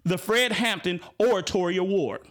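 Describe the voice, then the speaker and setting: A man hosting a casual live-stream talk, animated and joking, full of restarts and asides to the audience. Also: high-pitched, normal speed. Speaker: show host.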